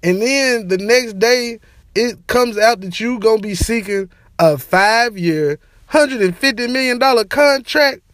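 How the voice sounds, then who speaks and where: A young man with a high voice delivers a casual opinion rant straight to camera. He talks in slang, repeats his catchphrases and keeps things animated. The sound is close and dry with no room echo. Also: measured pace. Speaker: sports and entertainment vlogger.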